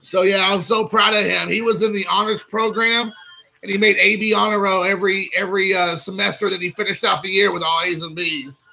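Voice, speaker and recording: A man in his thirties hosting a casual stream while opening trading card packs, excitable and rambling, calling people dude. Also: high voice, a little fast, gravelly, poor audio. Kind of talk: casual live-stream chat.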